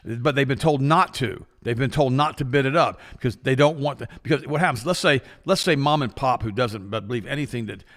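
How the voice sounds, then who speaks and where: A man's voice: medium pitch, quick pace, hardly any pauses, in a large hall. A man co-hosting a talk show, speaking in an emphatic, impassioned way and often repeating himself. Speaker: co-host. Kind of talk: casual talk-show commentary.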